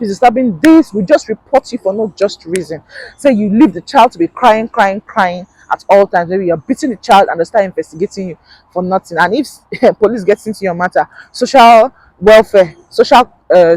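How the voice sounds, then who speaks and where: This vlogger has a mid-range voice with a darkish tone and a Nigerian accent. She offers relaxed advice in a chatty style, laughs a lot, and says things more than once to drive them home. The recording is rough, with no room sound.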